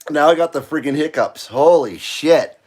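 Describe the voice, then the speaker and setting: A man hosting his own live stream, excitable and out of breath, swearing freely and laughing between remarks. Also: fairly high pitch. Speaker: channel host. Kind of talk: casual live stream chat.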